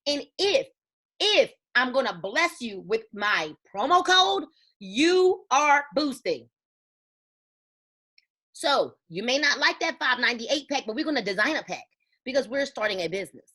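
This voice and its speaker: A woman's voice: fairly high pitch, very animated, normal speed, pushed and bright, breathy edge. A woman giving a motivational talk to a sales team, emphatic and preachy, telling stories with quoted dialogue. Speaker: network marketing team leader.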